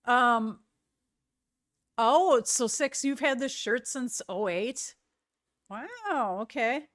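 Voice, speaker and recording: A woman's voice: a little high, animated, extremely slow, fairly bright tone, dry recording, studio quality. A middle-aged woman streaming live, chatting casually with viewers in a rambling way and often searching for words.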